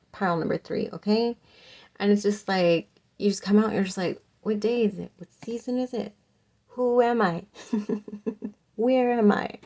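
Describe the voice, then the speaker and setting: A woman's voice: mid-range voice, a little mellow. A young woman giving a casual pick-a-card tarot reading, chatty and giggly, often saying "like". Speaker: tarot reader.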